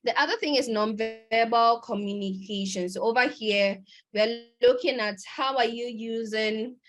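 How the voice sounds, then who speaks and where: A woman giving a conference lecture over a video call. She explains step by step, pausing often and correcting herself mid-sentence. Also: on the high side, soft background music. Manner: explanatory, with many pauses and self-corrections. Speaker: conference presenter. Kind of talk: lecture on research methods.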